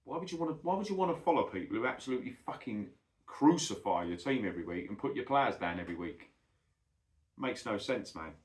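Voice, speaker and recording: A man's voice: fairly low pitch, big pitch swings, fast talker. A middle-aged man, ranting bluntly and swearing a lot in a casual monologue, calling the listener "mate". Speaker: football vlogger. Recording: echoey room.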